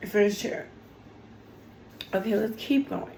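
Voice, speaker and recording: A woman's voice: mid-range voice, slow, gravelly, a little mellow, roomy sound, slight background noise, rough recording. A woman giving a casual tarot reading on her channel, talking in an emotional, chatty way with lots of fillers, teary as she goes. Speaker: tarot reader.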